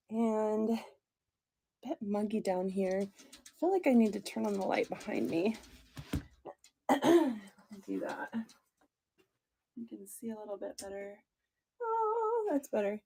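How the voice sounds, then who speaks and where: A woman's voice: a little high, darkish tone. A woman hosting a casual doll chat live stream from home, rambling and giggling as she talks toward a tablet. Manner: chatty, giggly, rambling with fillers. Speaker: doll channel host. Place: home room, seated on a chair. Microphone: tablet on a stand.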